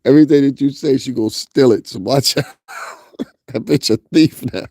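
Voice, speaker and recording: Host: young man with a Northeastern US accent, mellow and dry-sounding, crude, laughing gossip talker. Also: medium pitch, normal speed, no echo. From US tri-state area. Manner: laughs often, crude and joking. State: sleepy, up early. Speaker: commentary channel host. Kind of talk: casual gossip commentary.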